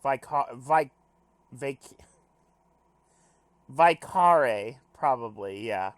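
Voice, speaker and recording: A man playing a game on video, reading its text aloud with casual commentary, animated and swearing casually while joking at himself. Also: mid-range voice, brisk, dry recording. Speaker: let's play gamer.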